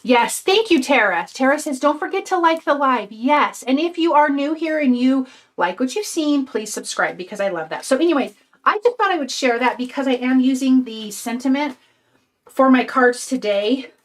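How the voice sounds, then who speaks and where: Chatty older woman, slightly high voice. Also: expressive, moderate pace. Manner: chatty, reads out viewer comments, sweet and upbeat. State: tired, a bit out of breath. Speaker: craft channel host. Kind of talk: casual live-stream craft demo.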